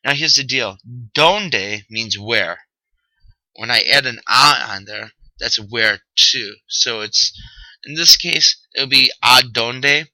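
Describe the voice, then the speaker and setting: A man's voice: mid-range voice, takes it slowly, bright, forceful tone, dry recording, poor audio. A man teaching a recorded vocabulary lesson, upbeat and joking, checking in with "okay?" often. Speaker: Spanish teacher.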